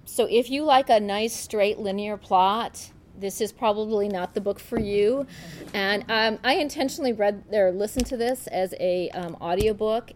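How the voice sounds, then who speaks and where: A woman's voice: medium pitch, a little mellow, slight background noise. A woman giving a casual, chatty book talk, hesitant, with many fillers and restarts. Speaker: book club presenter. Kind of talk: casual book talk with read-aloud passage.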